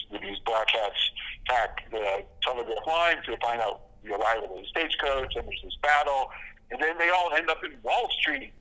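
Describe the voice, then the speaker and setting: A man chats casually as a podcast guest, his voice bright and pushed forward. He strings stories together with plenty of fillers and false starts, chuckling at his own jokes. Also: medium pitch, rough recording. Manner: rambling storyteller, many fillers and restarts, laughs at own jokes. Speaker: podcast guest, comic creator. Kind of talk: casual interview talk.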